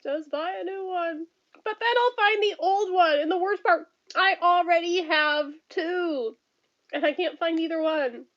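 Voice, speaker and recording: A woman in her thirties with a very high, fairly bright voice talks unhurriedly on a home stream, reading out viewer comments. She's casual, blunt and profane, laughing often and breaking into rants over dull lo-fi audio.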